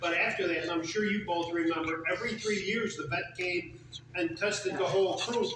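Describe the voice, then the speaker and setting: A man in his seventies in casual group conversation, telling lively anecdotes about farm life. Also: high-pitched, normal speed. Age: 70s. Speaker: group member. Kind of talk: casual storytelling. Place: community center meeting room. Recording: echoey room from far off, faint noise.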